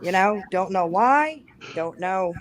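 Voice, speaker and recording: A woman in casual conversation, telling a haunting story in an animated, profane way and acting out what people said. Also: mid-range voice, slow pace, low-quality recording. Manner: animated, profane, acts out quoted lines. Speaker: guest.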